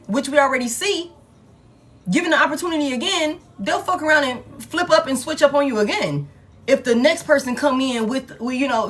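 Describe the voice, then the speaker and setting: Husky-voiced woman giving a live tarot reading, blunt and fed up, swears a lot, repeats herself. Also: high-pitched, fairly bright tone. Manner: blunt, exasperated, swearing, repeats phrases for emphasis. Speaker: tarot reader.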